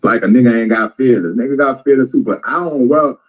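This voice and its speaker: A man's voice: mid-range voice, a little fast, low-quality recording. A man in a played clip ranting heatedly and profanely, repeating himself. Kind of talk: casual rant in a clip.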